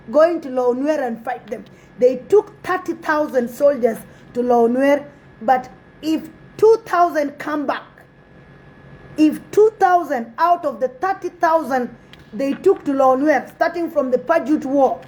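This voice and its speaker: Speaking to her community, a South Sudanese woman delivers a passionate plea, urging them on and repeating phrases. The low-quality recording carries her high, dark-toned voice.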